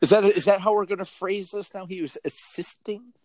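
A man co-hosting a comedy podcast, riffing on a news story in a lively, profane way. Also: high-pitched, fairly quick, no room sound. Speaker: podcast co-host. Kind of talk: casual comedic chat.

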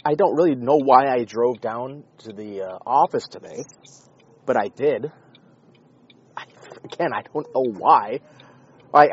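A man hosting a podcast, talking in a rambling, sarcastic, profane comedic monologue with a husky voice. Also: mid-range voice, muffled recording. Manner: rambling, sarcastic, swears often. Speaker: podcast host.

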